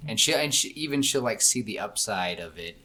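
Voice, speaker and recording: A young man co-hosting a podcast, rambling excitedly as he pitches a story idea and acts out the characters' lines. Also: fairly quick. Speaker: podcast co-host. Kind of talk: casual brainstorming chat.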